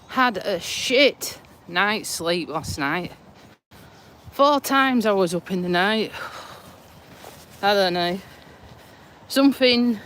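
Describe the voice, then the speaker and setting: A woman walks and talks in a casual live vlog, slow and unhurried, swearing freely and a bit out of breath. Wind and outdoor noise come through clearly on her phone recording. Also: medium pitch, a bit bright, rough recording. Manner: chatty, blunt, swears casually. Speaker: vlogger. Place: outdoors on a windy walk.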